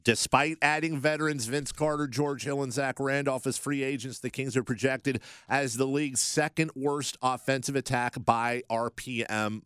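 A man's voice: mid-range voice, a bit bright, clean tone, no room sound, studio quality. A man hosting a casual sports talk show, reading team projections aloud and teasing his co-hosts. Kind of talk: casual sports radio chat.

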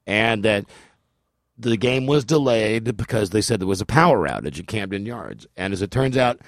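A man's voice: lowish voice, lively intonation, normal speed, no echo. Brief: male radio host, casual storytelling banter, dry studio voice. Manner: storytelling, joking.

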